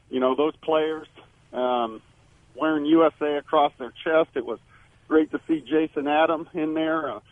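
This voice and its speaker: A man's voice: a little high, a little hiss or hum. Man on a tinny phone line. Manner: emphatic, rambling with frequent restarts. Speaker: former baseball player, radio guest. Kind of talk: sports radio call-in analysis.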